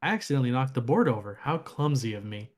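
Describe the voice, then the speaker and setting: A man's voice: medium pitch, lively intonation, fast talker, lightly acted. A man voicing a sarcastic female ship AI in a dry, teasing way while reading game lore aloud. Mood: sly.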